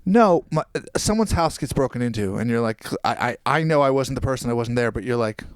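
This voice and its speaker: A man's voice: medium pitch, quick pace, clear, resonant tone, dry recording, clean studio sound. A young man casually telling a long story on a podcast, acting out the people he quotes. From New Jersey. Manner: animated, acts out quoted people. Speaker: podcast guest.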